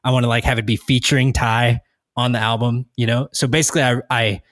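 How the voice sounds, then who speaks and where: A man's voice: mid-range voice, little pitch movement, fast, fairly bright tone, dry recording. Rambling male podcast host, dry sound. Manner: rambling, many restarts and fillers. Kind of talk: casual chat.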